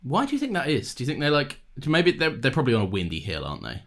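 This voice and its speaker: A man's voice: mid-range voice, huge pitch swings, fast talker, a bit bright. Joking man swearing casually. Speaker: podcast co-host. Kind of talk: casual chat.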